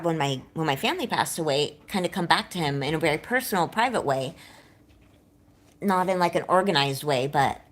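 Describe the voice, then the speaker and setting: A woman with a fairly low voice chats candidly on a livestream, rambling and doubting herself. A slight lisp surfaces when she gets nervous.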